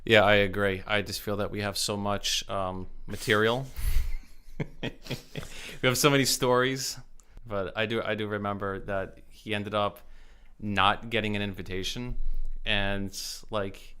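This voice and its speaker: A man's voice: lowish voice, level tone, unhurried, sharp tone, smooth. A man hosting a podcast in casual chat, upbeat and joking, with frequent stumbling restarts. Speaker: podcast host.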